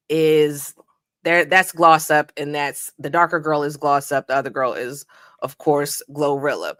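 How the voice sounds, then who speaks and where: A woman co-hosting a morning show chats casually and rambles through fillers. Her voice sits a bit low, and the studio sound is dry and close. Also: a little slow, a bit bright, no room sound. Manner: rambling, with fillers and self-corrections. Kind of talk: casual chat.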